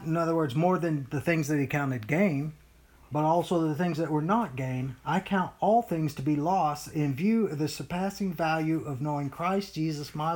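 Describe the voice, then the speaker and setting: A Bible study leader teaching informally to a small group, animated, often acting out whiny voices, with many fillers and restarts. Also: mid-range voice.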